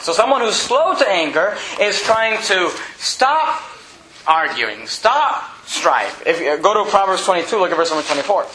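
A man preaching a sermon in a folksy style. He reads scripture slowly and builds up to loud, emphatic peaks. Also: high-pitched. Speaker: pastor. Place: church sanctuary. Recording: echoey church room.

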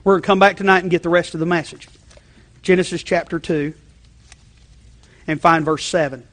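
A male pastor preaching a sermon in a conversational way, checking in with the congregation and shifting between loud emphasis and quiet asides. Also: on the high side, steady tone, a little fast. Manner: conversational, repeating check-ins, frequent restarts.

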